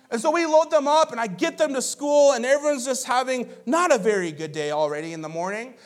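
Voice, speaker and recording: A man in his thirties preaching a sermon as a pastor, telling stories in a lively, conversational way with asides to the congregation. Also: very high-pitched, brisk, few pauses.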